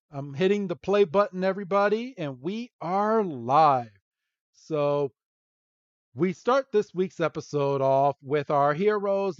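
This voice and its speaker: Podcast host guy, kinda high voice, laughs a lot, rambly recap, dead dry lo-fi audio. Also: clear, resonant tone, no echo. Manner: chuckles often, loose and rambling. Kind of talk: casual episode recap. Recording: dull lo-fi dry sound.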